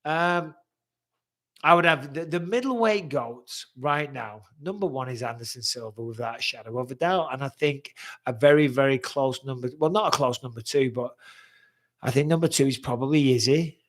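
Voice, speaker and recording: A middle-aged man hosts a live stream, reading viewer questions out loud and answering bluntly, swearing freely and often. His voice sits in the mid range with a fairly bright tone, and he talks at a normal speed.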